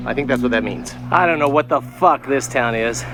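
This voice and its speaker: A man of middle pitch talks into a handheld phone as he walks a rural trail outdoors. He sounds fed up and sarcastic and swears freely, with music playing clearly behind him. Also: fairly quick. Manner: frustrated, cursing, sarcastic. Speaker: vlogger walking a pilgrimage trail. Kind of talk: vlog narration and walking selfie talk.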